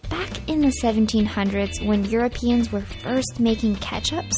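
A woman's voice: fairly high pitch, moderate pace, a little mellow. A woman co-hosting a food history podcast, reading a script in turns with her partner in an upbeat way. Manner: upbeat, reads facts in turns with co-host. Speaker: podcast co-host. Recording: faint music underneath.

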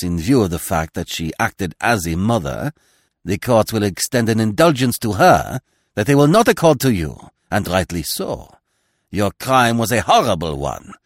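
A man's voice: rumbling low, vocal fry, dark tone, breathy edge, no echo, studio quality, voice pushed down, full character voice. A man voicing a pompous male magistrate who speaks with biting, theatrical scorn in an audiobook reading.

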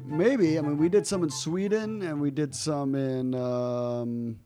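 Mellow-voiced man hosting a podcast. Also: fairly high pitch, fairly even intonation, slow, dry recording, faint music behind. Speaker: podcast host. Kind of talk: casual podcast chat.

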